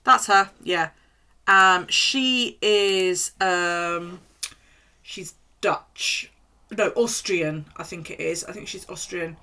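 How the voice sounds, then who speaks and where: A woman chats away on a home live stream, rambling and swearing casually. Her voice is bright and forward. She talks loosely, like she's among friends. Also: lowish voice, slow pace.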